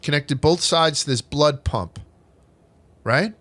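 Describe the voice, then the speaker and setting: A man's voice: a little high, slow, a bit bright. Profane joking man telling history. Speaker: podcast host. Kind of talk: casual comedic history podcast.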